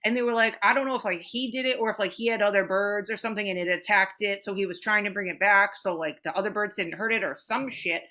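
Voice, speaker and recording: A woman co-hosting a podcast, telling stories in animated, profane casual chat. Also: mid-range voice, quick pace, few pauses. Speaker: podcast co-host.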